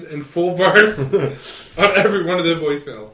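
A man with a high voice chats casually and keeps cracking jokes. He laughs often as he talks. He sounds set back from the mic in a roomy, echoey space. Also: normal speed, a bit bright, distant mic. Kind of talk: casual chat.

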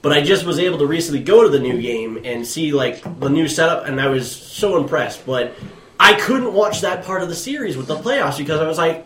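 A man's voice: a little high, expressive, fairly quick, a bit bright. Casting: man with a slightly raised voice, rambling and hesitant, in an echoey room. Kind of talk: casual chat.

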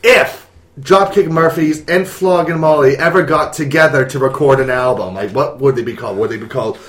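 A man's voice: mid-range voice, brisk. A man chatting casually with friends about a concert, adding facts and dry asides. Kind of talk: casual chat. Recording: echoey room.

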